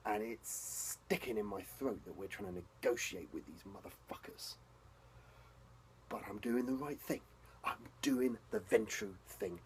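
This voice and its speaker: A man's voice: fairly low pitch, slight background noise, poor audio. Intense man whispering a vampire journal. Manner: intense, profane, drops to hushed whispers. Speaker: tabletop role-player. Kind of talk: in-character vampire journal monologue.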